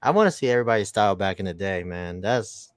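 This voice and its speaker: A man from Brooklyn co-hosting a casual live-stream chat, laughing often and talking in excitable slang. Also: on the low side, fast, no room sound. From New York. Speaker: co-host.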